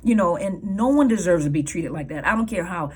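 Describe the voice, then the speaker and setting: A woman's voice: fairly low pitch, animated, brisk, slightly rough. A woman counselor giving earnest advice to viewers, emphatic and repeating her key points. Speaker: counselor and coach.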